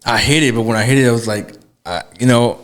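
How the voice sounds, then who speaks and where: A man telling a story on a casual podcast, animated and full of swearing, with "dude" and "bro" in every other line. He acts out the other people's lines in a raised voice. His voice sits at an ordinary middle pitch. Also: fast. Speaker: podcast host. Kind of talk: casual chat.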